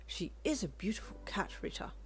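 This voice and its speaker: A woman's voice: brisk, lightly acted. A woman voicing a stuffy, agreeable older husband who defers to his wife. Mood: prim.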